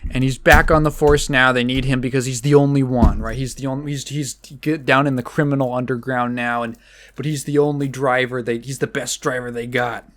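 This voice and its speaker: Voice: mid-range voice, fairly even intonation, brisk. A young adult podcast host recapping a film in casual chat, rambling with restarts and fillers.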